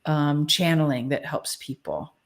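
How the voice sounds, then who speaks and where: Woman chatting in an interview, blunt and lively, laughs a lot. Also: deep voice, unhurried. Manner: animated, frank and laughing often. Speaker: guest, spiritual channeler. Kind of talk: casual interview conversation.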